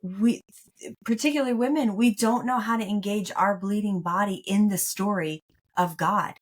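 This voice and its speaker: A woman's voice: mid-range voice, moderate pace. Woman, podcast guest, author, casual conversation, earnest, reflective.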